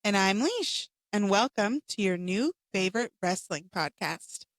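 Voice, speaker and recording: A woman co-hosting a podcast, her voice raspy and hoarse from a cold. She talks through storylines in easy, chatty recaps. The sound is dry and close, with no room around her. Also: medium pitch, lively intonation, a little slow, dry recording. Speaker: podcast co-host. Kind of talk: casual chat.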